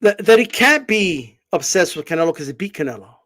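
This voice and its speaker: Lively, high-voiced man ranting. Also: brisk. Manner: animated, swearing, rambling with many fillers. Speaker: boxing commentator. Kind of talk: casual boxing talk vlog.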